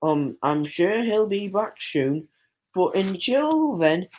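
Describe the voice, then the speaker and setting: A woman's voice: medium pitch, sing-song, slow, darkish tone. A woman hosting a casual livestream, joking around in mock outrage and chatting to viewers. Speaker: livestream host. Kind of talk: casual goofy stream chat.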